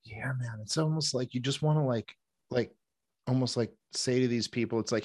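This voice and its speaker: A man's voice: medium pitch, moderate pace, a little mellow, dry recording, clean studio sound. A man hosting a podcast, talking in a conversational, emphatic way with rambling asides. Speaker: podcast host. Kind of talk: casual interview chat.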